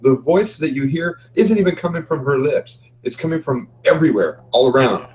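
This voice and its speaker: Calm male game master narrating. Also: a little high, a little fast, poor audio. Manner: calm, descriptive storytelling.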